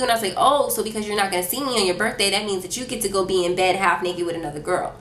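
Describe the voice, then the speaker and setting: A woman's voice: mid-range voice, quick pace, few pauses, a bit bright. A young woman vlogger telling a storytime in a casual, blunt, slangy way, acting out the quotes. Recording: echoey room with faint background noise.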